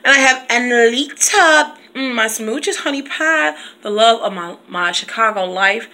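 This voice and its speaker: A woman's voice: on the high side, measured pace, sharp tone. Chatty, laughing woman teacher vlogging. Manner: chatty and playful, laughs often, drops into song. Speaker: teacher and video blogger. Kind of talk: casual chat to camera. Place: at home, reading from her computer.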